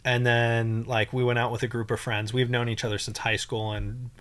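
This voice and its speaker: A young man tells a personal story as a podcast guest, his voice at an ordinary middle pitch. He talks loosely and emotionally, with plenty of fillers and restarts. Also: level tone, normal speed, a bit bright, slight background noise. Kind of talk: casual storytelling.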